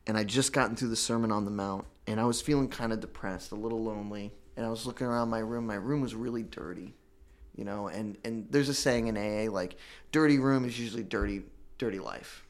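A man giving an emotional personal testimony about recovery, earnest and halting, with many restarts. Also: lowish voice. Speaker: guest telling his recovery story.

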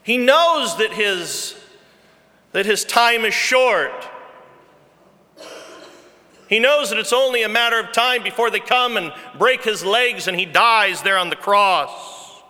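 A man's voice: sits high, lively intonation, slow pace, long pauses, sharp tone. A man preaching a sermon as pastor, earnest and emphatic, repeating his key phrases. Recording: long reverb from a large hall.

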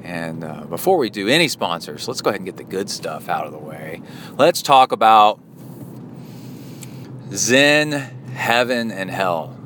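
An American podcast host chats solo while driving, his low, very animated voice moving at a measured pace with a fairly bright tone. He rambles, wanders into tangents and corrects himself, with road and car noise behind him.

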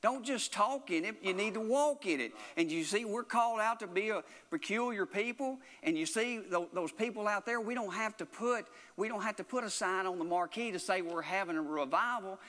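A man's voice: high voice, fairly quick, hardly any pauses, a bit bright, long reverb tail. A man preaching a sermon in an earnest, repetitive way, often restarting his phrases.

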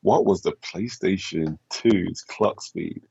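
A man's voice: low-pitched, slow pace, vocal fry, mellow, husky, no echo, muffled recording. A man co-hosting a casual podcast, reading out listener questions and laughing often.

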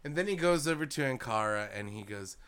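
A man in his forties recapping a show with a friend, voice bright and forward, pitch swinging all over the place. He acts out scenes, swears freely and laughs a lot. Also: lively intonation, fairly quick, smooth. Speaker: podcast co-host. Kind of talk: casual TV recap chat.

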